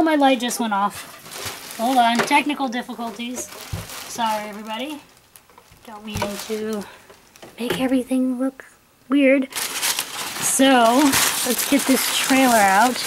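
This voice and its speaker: A young woman with a slightly high voice gushes through an unboxing in her home filming corner. She talks in breathless bursts of excitement. Steady background noise runs under the recording. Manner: gushing, breathless exclamations. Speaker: toy collector vlogger.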